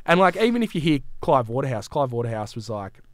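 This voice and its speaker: A young Australian man from the Great Southern of Western Australia, a podcast guest telling animated stories and acting out other people's voices. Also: medium pitch, fast talker, no room sound. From Great Southern region of Western Australia. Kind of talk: casual chat. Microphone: studio mic.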